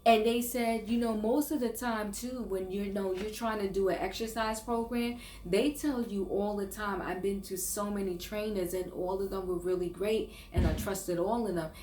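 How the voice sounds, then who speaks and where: A woman's voice: medium pitch, steady tone, moderate pace, hardly any pauses, a little mellow, roomy sound, slight background noise. An older woman talking in a casual vlog, earnest and encouraging, sometimes stumbling over her words. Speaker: vlogger. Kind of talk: casual faith and self-help vlog.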